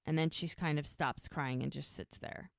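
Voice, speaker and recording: A woman's voice: low voice, fairly even intonation, normal speed, vocal fry, no echo, studio quality. A woman co-hosting a podcast, chattily retelling a TV episode scene by scene with lots of "he's like" and "she goes". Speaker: podcast co-host. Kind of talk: casual TV episode recap.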